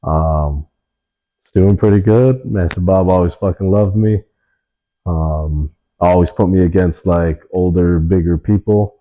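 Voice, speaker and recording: A young man telling stories in a relaxed interview, swearing often and leaning on fillers. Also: low voice, a little slow, phone-quality sound. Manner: laid-back, swears a lot, many fillers. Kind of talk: casual storytelling in an interview.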